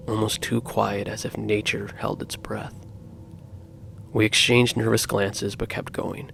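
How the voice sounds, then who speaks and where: A man narrating true horror stories in a slow, grave scripted style. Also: lowish voice, creaky, a bit bright, slight background noise.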